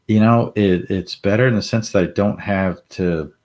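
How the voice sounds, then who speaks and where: A middle-aged man telling a story casually, animated and laughing often as he acts out the voices of the people in it. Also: on the low side, moderate pace. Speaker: panel guest.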